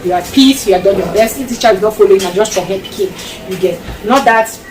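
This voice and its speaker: A woman's voice: mid-range voice, brisk, roomy sound, slight background noise. A Cameroonian woman vlogging casual parenting advice to camera, emphatic and repetitive, slipping into Pidgin phrases. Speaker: mom vlogger. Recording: distant mic with loud background ambience.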